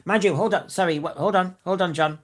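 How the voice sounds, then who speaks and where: A man's voice: sits high, brisk. An English man co-hosting a podcast in casual chat, emphatic and indignant, often laughing. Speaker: podcast co-host and streamer.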